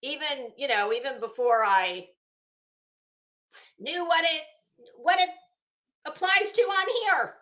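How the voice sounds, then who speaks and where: A woman's voice: sits high, takes it slowly, pauses often, sharp tone. A middle-aged woman hosting a casual livestream from her home office, rambling and greeting viewers by name. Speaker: commentary livestream host. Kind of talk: casual livestream chat reading viewer comments.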